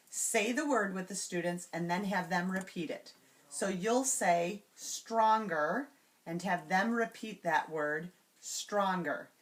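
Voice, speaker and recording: Woman teacher trainer, instructional demo, patient, slows down to sound out words. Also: on the low side. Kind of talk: instructional demonstration.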